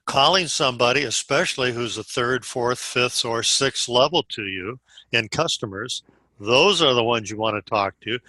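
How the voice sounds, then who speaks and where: Bright-voiced man coaching a sales team. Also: mid-range voice, no room sound. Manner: instructive, walks through phone scripts step by step. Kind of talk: coaching a group over a video call. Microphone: video call.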